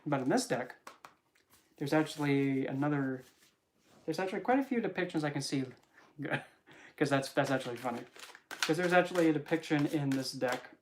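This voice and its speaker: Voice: medium pitch, lively intonation, moderate pace, pauses often, a little hiss or hum. A tarot reader in a casual vlog who rambles, jokes and keeps interrupting themselves. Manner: rambling, joking, self-interrupting.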